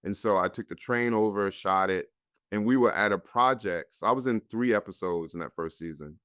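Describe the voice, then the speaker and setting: A man's voice: lowish voice, moderate pace, fairly bright tone, clear, resonant tone, dry recording, studio quality. A man from North Carolina, an actor guest, earnestly and candidly telling his own story in a conversation.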